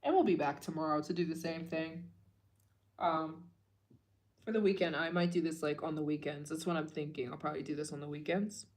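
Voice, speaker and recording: A tired young woman hosts a late-night livestream, talking loosely to her viewers. Her speech wanders with fillers and restarts, often sinking to a low, sleepy murmur before she perks up again. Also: steady tone, fairly quick, a little mellow. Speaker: travel vlogger hosting a fundraiser livestream.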